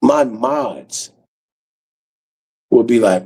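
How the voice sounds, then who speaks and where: Male livestreamer, rough gravelly voice, lively swinging pitch, casual rambling talk full of swearing and laughs. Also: measured pace, poor audio. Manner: loose, profane, rambling, laughs often. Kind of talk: casual late-night livestream chat.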